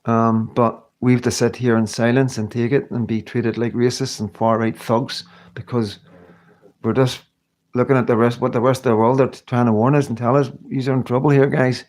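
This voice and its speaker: A man's voice: medium pitch, flat delivery, normal speed, a little mellow. A middle-aged man from the United Kingdom talking earnestly and emotionally to viewers on a live stream, rambling and often restarting his sentences. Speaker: livestream host.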